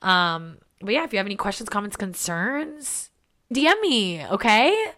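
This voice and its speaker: A young woman hosting a casual solo podcast, chatty and excitable, swearing freely and filling her talk with "like". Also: mid-range voice, moderate pace. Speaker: podcast host.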